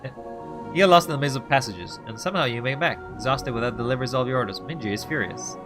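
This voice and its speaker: A man streaming a narrative game, reading the story text and adding offhand, musing remarks. His voice sits in a medium pitch range. Soft game music plays in the background. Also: fast talker. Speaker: let's play streamer.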